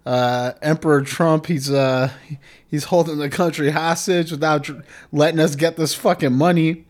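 A man's voice: on the high side, normal speed. A man hosting a solo comedy podcast, rambling and swearing, drifting nearer and farther from the mic. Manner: profane, rambling, animated; moves closer to and away from the mic. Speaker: podcast host.

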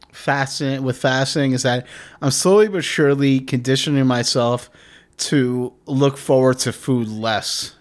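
A man hosting a solo comedy podcast, rambling and swearing, drifting nearer and farther from the mic. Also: mid-range voice. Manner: profane, rambling, animated; moves closer to and away from the mic. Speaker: podcast host.

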